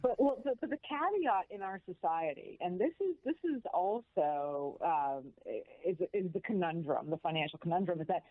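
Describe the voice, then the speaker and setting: An animated woman tells her story with plenty of emphasis, a guest on a radio show. She comes through a tinny phone line with a dry, close sound and no room around her. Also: fairly low pitch, moderate pace, hardly any pauses, no echo. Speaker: guest, financial educator. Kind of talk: radio interview.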